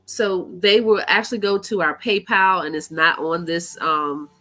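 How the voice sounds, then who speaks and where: A middle-aged woman educator appears as a guest on a talk show. She speaks slowly in a fairly low voice, earnest but hesitant and full of ums. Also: steady tone, pushed and bright. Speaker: educator and tutoring business owner, guest.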